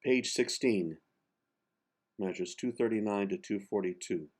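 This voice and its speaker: A man teaching the pronunciation of a song text, speaking slowly and carefully, spelling out sounds and repeating words one syllable at a time. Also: lowish voice, darkish tone. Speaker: diction coach. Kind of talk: pronunciation lesson for singers.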